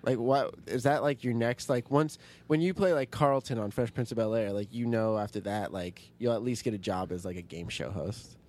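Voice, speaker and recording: A man's voice: on the low side, moderate pace, hardly any pauses, darkish tone. A young man co-hosting a casual podcast chat, rambling with lots of "like" and laughing often. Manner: rambling, laughs a lot, many "like"s. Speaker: podcast co-host.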